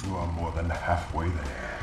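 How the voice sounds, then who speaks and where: A man's voice: sits low, a little slow. A man voicing a scheming mad scientist villain in a video game, speaking in a theatrical, falsely fatherly, commanding way. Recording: echoey distant game audio with music. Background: game music.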